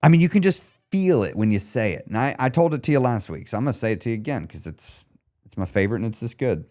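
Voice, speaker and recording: A weight loss podcast host with a medium-pitched voice talks fast in a solo monologue. He coaches listeners directly, animated yet laid-back, using slang and blunt language.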